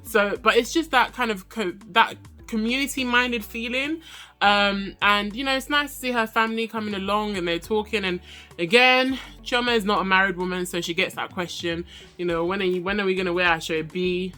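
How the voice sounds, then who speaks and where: A young woman hosts a casual, chatty review of a reality show, full of sass and quick asides. Her voice is bright and forceful, and faint music plays behind her. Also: mid-range voice. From Nigerian heritage. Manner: chatty, sassy, laughs often.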